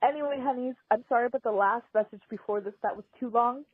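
A woman's voice: a little high, quick pace, breathy edge, no room sound. Woman on a tinny phone voicemail. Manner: rambling, emotional, apologetic. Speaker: caller. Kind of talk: voicemail confession.

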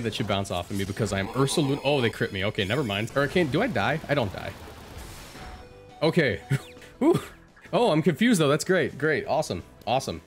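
Hyped-up guy narrating his game, cracks jokes at the other player, faint music playing under him. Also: fairly low pitch. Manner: excitable, jokey, talks to opponents. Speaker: video game streamer. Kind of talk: live gameplay commentary.

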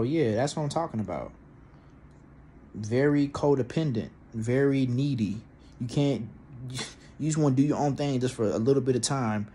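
With a medium-pitched, darkish voice, a young man casually recounts something that happened to him for his vlog. He rambles profanely, full of fillers and false starts, over a faint background hiss.

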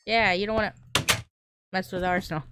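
A woman hosting a gaming channel, chatting casually and excitably through gameplay, often squealing and laughing. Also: medium pitch, a little fast, heavy background noise.

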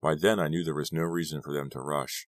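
A man narrating an audiobook in steady storytelling. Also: rumbling low, fairly quick, dry recording. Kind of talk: scripted narration.

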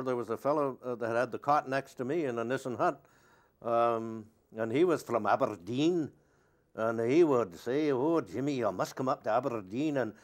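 An older man sits for an interview and answers at length. He wanders from one anecdote to the next in an easy, conversational way, with his voice at an ordinary middle pitch. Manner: rambling, anecdotal storyteller. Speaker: actor being interviewed.

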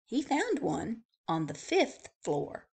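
Woman librarian, kids' storytime read-aloud, slow and very animated, sound effects. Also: fairly high pitch, gravelly, breathy edge. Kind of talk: children's picture book read-aloud.

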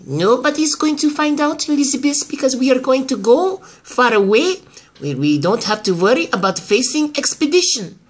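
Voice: sits high, sing-song, moderate pace, breathy edge, full character voice. A performer voicing a scheming older woman who is obsessed with her daughter and grandson, in amateur soap-opera acting. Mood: gloating. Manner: haughty, gloating, pleading in turns.

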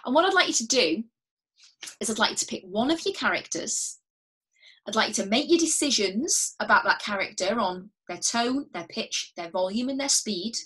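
A woman leading a drama workshop, giving clear, patient, step-by-step instructions and often repeating key words. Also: a little high, lively intonation, normal speed, fairly bright tone. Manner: encouraging and reassuring toward learners at home. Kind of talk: recorded instructional drama lesson.

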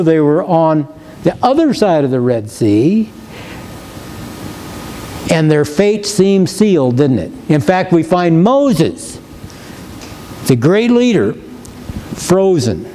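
A man's voice: on the high side, dark tone, a little hiss or hum, poor audio. A male pastor giving a sermon in a church, preaching emphatically and reading scripture with rising force. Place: church sanctuary.

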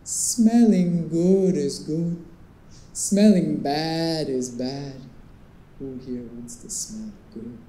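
A man voicing a soothing older male perfume seller on the metro, with a Caribbean accent and a slow, hypnotic sales chant. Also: a little high, mellow, a little hiss or hum. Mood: hypnotic pitch. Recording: roomy echo.

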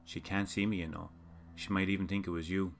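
A man voicing a sly, cruel male hell creature in a horror story reading, with a raspy, dry voice and a mocking croon. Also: low voice, level tone, a little fast, faint music behind. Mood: menacing.

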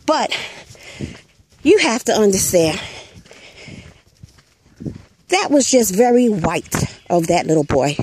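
A woman's voice: mid-range voice, sing-song, unhurried, a little mellow, a little hiss or hum. A woman hosting her own channel, retelling a story in blunt, profane, casual commentary and punctuating her points with an emphatic "Hello.". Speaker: channel host.

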